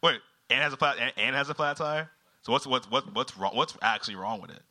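A man hosting a live comedy show, teasing the audience with loud, profane banter. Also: medium pitch, fairly quick. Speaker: host. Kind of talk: live comedy crowd work.

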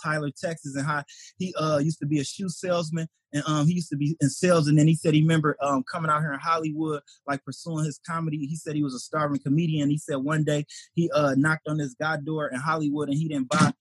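A man's voice: a little high, quick pace, slightly rough, no echo. A man from Detroit, a stand-up comedian, telling a story in conversation and acting out the voices of the people in it. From Detroit, USA. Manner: animated, acts out quoted voices.

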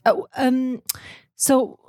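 A young adult woman from Catalonia with a Catalan Spanish accent, chatting as a podcast guest in an animated, halting way. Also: high-pitched, no echo, studio quality. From Spain, Catalonia. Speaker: guest model. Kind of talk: casual podcast chat.

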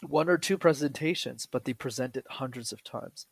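A man speaking as a podcast guest, telling lively stories and acting out the voices of people he quotes. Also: medium pitch, moderate pace, creaky, husky, dry recording. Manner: animated storyteller who acts out quoted voices. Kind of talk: conversational podcast interview.

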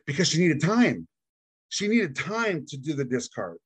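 A man guest on a podcast, telling a personal story in casual, animated talk and acting out what people said. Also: fairly high pitch, measured pace, breathy edge, dry recording. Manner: animated, acts out quoted dialogue; casual, says "dude".

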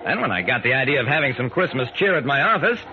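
A man's medium-pitched voice, sing-song and quick, plays a wry private detective narrating his own case in 1940s radio acting style. His first-person narration is dry and amused. The sound is tinny, like an old radio broadcast with hiss.

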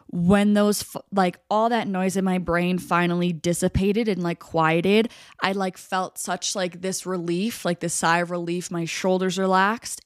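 A young woman speaks earnestly in a reflective solo podcast, her voice smooth and resonant and pitched a little low. She leans on casual "like" fillers. The sound is close and dry, with no room around it. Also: no echo. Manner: earnest, heavy use of "like" fillers. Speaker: podcast host.

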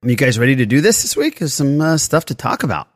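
A man's voice: medium pitch, sing-song, fast, dry recording, clean studio sound. A man in his thirties hosting a casual podcast, chatty and running through plugs and news. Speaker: podcast host.

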